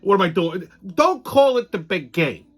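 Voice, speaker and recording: A blustering man hosts a comedic rant show, swearing at every turn. His voice sits high for a man and leaps around in pitch. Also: sing-song, moderate pace, a bit bright. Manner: profane, blustering, swaggering. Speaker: host.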